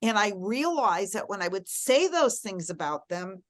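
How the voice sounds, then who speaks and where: A woman's voice: mid-range voice, sing-song, a little slow, no room sound, studio quality. A middle-aged woman, a guest in an interview, telling a personal story in an earnest, reflective way and leaning on key words.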